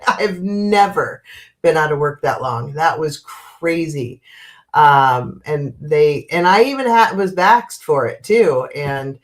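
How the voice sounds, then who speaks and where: A woman in her fifties with a stuffy, congested nose, chatting casually as host of a live stream and greeting viewers by name with frequent laughs. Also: low-pitched. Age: 50s. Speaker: livestream host.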